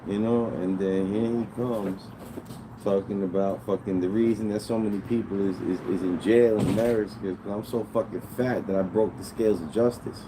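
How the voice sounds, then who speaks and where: A man with a fairly low voice chats to his stream viewers, aggrieved and rambling, swearing freely. Constant background noise and vehicle sounds run under his voice. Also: fairly even intonation, normal speed. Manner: aggrieved, rambling and heavily profane. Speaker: livestreamer. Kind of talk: casual livestream chatter to viewers.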